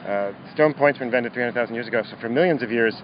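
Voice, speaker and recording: A man's voice: medium pitch, fast talker. A man, a professor, answering interview questions outdoors in a friendly, matter-of-fact, explanatory way. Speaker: guest professor. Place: outdoors by a river path. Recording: dull lo-fi audio with faint outdoor noise.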